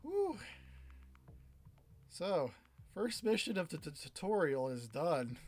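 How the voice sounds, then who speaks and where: Brief: a joking male streamer with a slightly high voice, muttering to himself, then suddenly excited. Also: takes it slowly. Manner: playful and giggly, jumping between quiet mutters and excited outbursts. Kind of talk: casual gameplay commentary.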